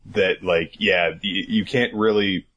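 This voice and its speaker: A young man casually recapping a manga, animated and swearing, acting out the characters. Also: sits low, takes it slowly, husky.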